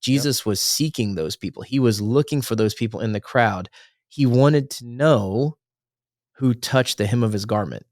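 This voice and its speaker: A man's voice: mid-range voice, moderate pace, a little mellow. A man co-hosting a faith podcast, mid-range voice, speaking earnestly and at length, often restarting his sentences. The sound is dry and close, with almost no room echo. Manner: earnest, rambling, self-correcting. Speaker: podcast co-host. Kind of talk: casual faith podcast chat.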